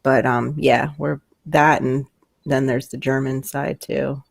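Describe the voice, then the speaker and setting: Low raspy-fry woman host chatting away on a late stream, dry close mic. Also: slow pace, no room sound. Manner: chatty, gets louder when excited. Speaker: livestream host. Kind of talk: casual chat.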